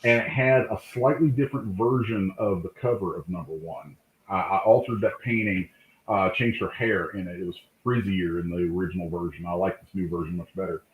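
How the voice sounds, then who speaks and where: A man, a comic book artist, telling lively anecdotes in a casual interview, acting out the voices of people in his stories. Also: low voice, brisk. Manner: animated anecdote-telling, acts out quoted voices. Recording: tinny call line in an echoey room.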